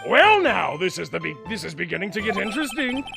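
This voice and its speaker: A man doing casual let's-play commentary, cracking sarcastic jokes between lines of dialogue. His voice moves through a lively pitch range. Game music plays clearly behind him. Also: fast talker. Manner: joking, crude, sarcastic asides. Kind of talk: casual gameplay commentary and reading.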